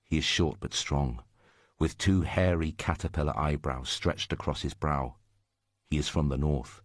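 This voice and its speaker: A man reading a story aloud in a steady, scripted narration. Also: a bass voice, a little slow, no room sound, clean studio sound.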